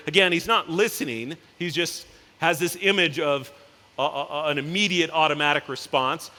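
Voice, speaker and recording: A company's CEO, his voice on the high side with a bright, forceful tone, gives a casual keynote in a large conference hall that sounds reverberant. He leans on anecdotes, acting out the characters in them with quick voices.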